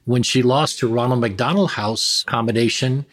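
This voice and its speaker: A man who is a physician, a guest on a podcast interview, telling stories with relaxed, wry self-deprecating humor. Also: mid-range voice, moderate pace.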